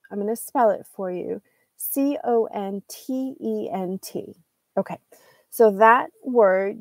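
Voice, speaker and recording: A woman teaching English in a live lesson, pausing to search for words and correct herself, with light laughs. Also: mid-range voice, warm tone, dry recording.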